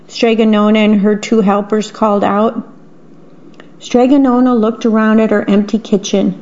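A woman reading picture books aloud, gently adding her own comments on the pictures. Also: medium pitch, fairly even intonation, moderate pace, muffled recording. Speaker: storyteller.

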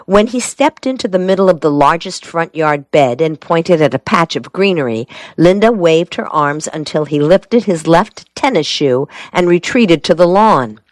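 A woman reading a story aloud in a steady, wry narrating manner. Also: lowish voice, normal speed, no echo. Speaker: audiobook narrator. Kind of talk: scripted narration.

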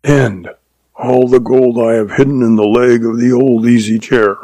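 A man voicing a gruff cowboy outlaw with a hoarse, croaking voice and clipped, threatening commands. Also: medium pitch, steady tone, normal speed, dark tone, no room sound, close to an everyday voice.

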